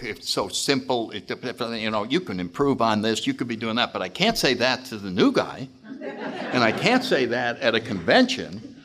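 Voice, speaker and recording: A man speaking at a recovery meeting, telling stories in an animated way and acting out voices. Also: mid-range voice. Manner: animated, acts out voices, laughs often. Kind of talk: recovery talk storytelling.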